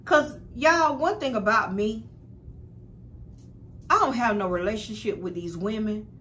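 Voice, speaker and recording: Her voice sits on the high side, a bit bright and unhurried, with a touch of hiss or hum. This young adult spiritual vlogger relates a personal story to her viewers, blunt and casual, swearing freely and often calling them "y'all."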